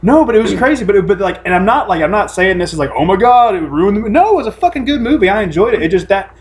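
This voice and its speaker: A man's voice: sits high, big pitch swings, racing. A man co-hosting a casual podcast from home, telling stories in a rambling, profane way with many restarts. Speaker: podcast co-host. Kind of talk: casual chat.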